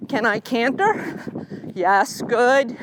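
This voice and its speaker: A middle-aged woman with a high voice teaches while riding in an outdoor arena. She coaches in a calm, steady way and speaks to her horse between explanations. There is clear noise around her, with hooves and open-air sounds. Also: extremely slow. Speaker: riding instructor. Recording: noisy outdoor recording.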